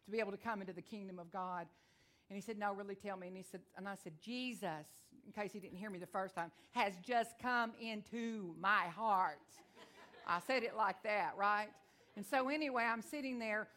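A middle-aged woman from Texas with a country twang, preaching a sermon and telling her own testimony, fast-talking and rising to fervent declarations. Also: medium pitch. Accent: Texan. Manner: fervent, rises to loud declarations. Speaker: guest preacher.

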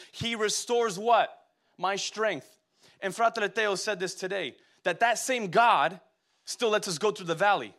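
A young man preaches with a high, bright voice. He exhorts the congregation and throws call-and-response questions at them. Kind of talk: sermon.

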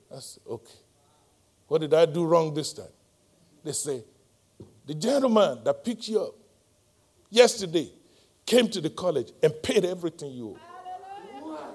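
A middle-aged man with a Nigerian accent preaching a sermon, moving between loud, emphatic appeals and quiet, close storytelling. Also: a little high, animated, a little slow, pauses often.

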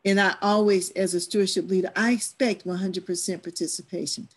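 A woman's voice: mid-range voice, steady tone, fairly quick, husky. A woman who leads church stewardship, talking earnestly and emphatically in a church discussion class.

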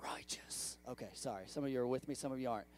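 A man pastor preaching a sermon to his congregation, calling out to the room and swinging between hushed and loud delivery. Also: medium pitch, rapid-fire, slight background noise. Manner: animated preaching with audience call-outs. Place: church sanctuary.

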